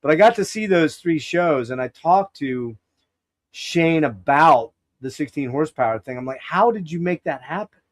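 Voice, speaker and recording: A man's voice: a little high, animated, moderate pace. A man from Pennsylvania hosting a podcast, telling a long rambling story full of restarts and quoted asides in a casual chat. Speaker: podcast host.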